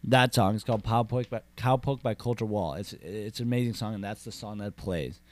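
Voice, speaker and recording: A man playing a gruff lonesome Southern cowboy. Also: lowish voice, a little fast, natural voice. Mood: brooding. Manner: rambling, repeats himself, tough-guy bravado. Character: lonesome boastful macho cowboy rancher man. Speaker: comedy character host. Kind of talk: deadpan comic monologue.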